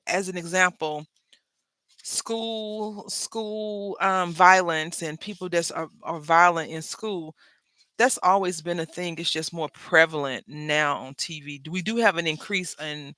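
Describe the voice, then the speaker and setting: A woman's voice: lowish voice, slow pace, pushed and bright, dry recording. A woman hosting a crafting tutorial, chatting casually and rambling into asides to her viewers as she works. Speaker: crafting channel host.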